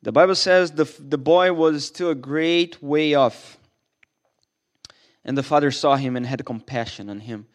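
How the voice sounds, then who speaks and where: A man's voice: a little high, unhurried. A man preaching a sermon as a pastor in a church, earnest and emphatic, often restarting his sentences.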